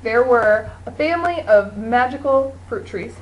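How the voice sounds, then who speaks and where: A woman's voice: on the high side, expressive, unhurried, poor audio. A young woman co-hosting a homemade video, improvising a silly story in a rambling, giggly way. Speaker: video co-host.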